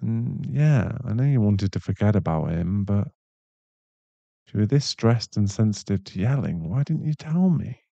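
A young man in a whispered role-play, voicing a caring, protective boyfriend who speaks softly and reassuringly, with a gravelly voice. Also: lowish voice, lively intonation, no room sound, muffled recording. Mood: tender. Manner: soft, reassuring, slow-spoken. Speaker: ASMR voice actor.

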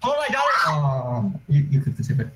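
A man's voice: a little high, huge pitch swings, a little fast, very noisy. A young man joking with friends during a game session, teasing and laid-back. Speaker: player in a group stream. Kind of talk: joking banter over a voice chat.

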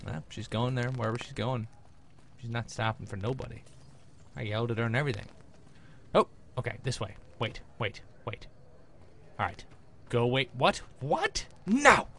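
A man's voice: medium pitch, steady tone, normal speed, long pauses, a bit bright, a little hiss or hum. A young man commentating his gameplay in a jokey, rambling way with frequent exclamations. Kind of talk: let's play commentary.

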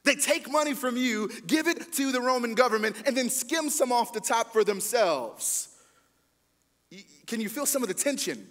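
A man with a high voice preaches a sermon in a conversational, emphatic way, addressing the congregation directly. His words carry a long reverb tail from the church hall around him. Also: lively intonation, moderate pace, fairly bright tone. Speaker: pastor.

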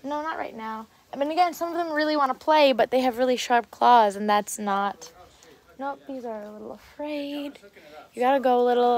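A woman's voice: a little high, normal speed. Chatty woman cooing at cats. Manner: gushing, coos sweetly at cats. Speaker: livestreaming vlogger. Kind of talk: casual live walkthrough. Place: outdoor animal sanctuary.

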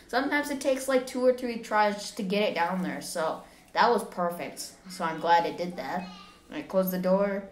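A woman's voice: mid-range voice, normal speed, reverberant. A woman hosting a gaming channel, chatting and giggling to viewers as she plays through a horror game. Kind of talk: casual let's-play commentary.

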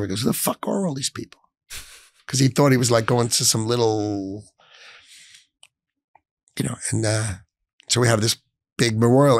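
A middle-aged man telling an emotional story in an interview, speaking emphatically and swinging between hushed and raised tones. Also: medium pitch, creaky, no room sound, clean studio sound. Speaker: finance executive, interview guest.

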